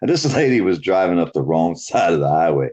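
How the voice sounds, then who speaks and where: A man's voice: sits low, sing-song, brisk, darkish tone. A man hosting a casual, profane chat, laughing often. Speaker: host.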